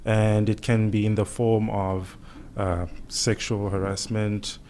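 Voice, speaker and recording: A man, speaking as a guest doctor in a radio podcast interview, calm and measured, explaining things with many "you know"s. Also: lowish voice, slight background noise.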